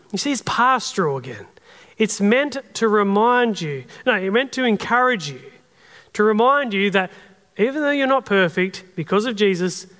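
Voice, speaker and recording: Brief: Australian male pastor, earnest and conversational, high voice, long hall reverb. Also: fairly bright tone. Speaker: preacher. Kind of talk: sermon.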